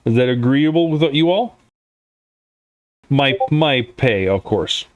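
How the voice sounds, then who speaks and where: A man's voice: mid-range voice, expressive, takes it slowly, no room sound. A man voicing a polite, businesslike male fixer who hires a crew, in a plain voice with no accent. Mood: courteous. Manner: courteous, businesslike, no accent attempted.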